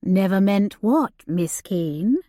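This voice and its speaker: A woman voicing a grieving older earl who speaks softly, slowly and earnestly. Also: mid-range voice, animated, dry recording, studio quality. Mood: gentle. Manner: soft, slow and solicitous.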